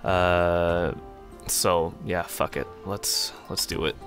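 A man giving casual live gameplay commentary, swearing freely and filling pauses with "uh" and "like". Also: low voice, little pitch movement, a bit bright, faint music behind. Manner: casual, swearing, frequent fillers. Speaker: gaming video creator.

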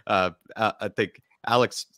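A man's voice: on the low side, steady tone, a little slow, pushed and bright, dry recording, studio quality. A man speaking on a fan panel while stuffy with a cold, chatty and self-deprecating. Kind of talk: casual chat.

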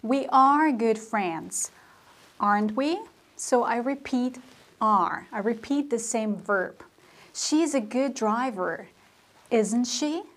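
A woman teaching a grammar lesson, explaining slowly and deliberately with spoken example sentences. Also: on the high side, animated. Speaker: language teacher.

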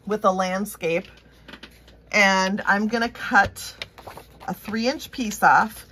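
A woman's voice: mid-range voice, fairly bright tone, a little hiss or hum. Woman, Minnesotan accent, craft instructor, casual tutorial talk, thinks aloud while working.

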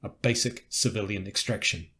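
A man voicing a weary middle-aged rebel captain, gruff and resigned but commanding, in an audiobook. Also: fairly low pitch, moderate pace, bright, forceful tone.

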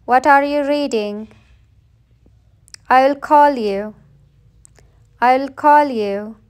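A woman English teacher reading short everyday phrases aloud for learners, saying each one slowly and plainly, often twice. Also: sits high. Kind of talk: slow read-aloud phrase drill.

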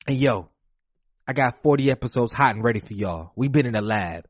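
A man hosting his podcast, opening the season with an excited, emotional, slangy monologue. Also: medium pitch, moderate pace, husky, no echo. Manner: animated, emotional, slangy hype talk. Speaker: podcast host.

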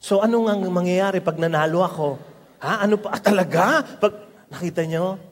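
A man with a Filipino accent preaching a lively sermon, mixing storytelling and teaching. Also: high voice, a little fast. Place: large worship hall. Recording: long hall reverb.

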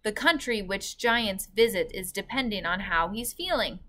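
A big, friendly old giant, as a woman reading aloud puts him on, who tumbles his words and grammar in a cheerful muddle. His voice sits bright and a touch louder than her own narration, earnest rather than frightening, in a storybook read-aloud. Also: medium pitch, expressive, moderate pace. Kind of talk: children's book read-aloud.

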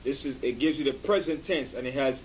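A man's voice: mid-range voice, a little fast, a little hiss or hum, poor audio. A man reading dictionary entries aloud for a teacher, hesitant with fillers. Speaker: assistant reading references aloud.

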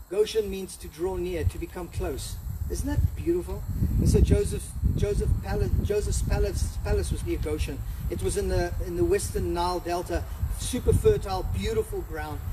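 A man preaching a sermon as pastor, animated, acting out the story with quoted voices. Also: sits high, distant mic, noisy background. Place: church hall.

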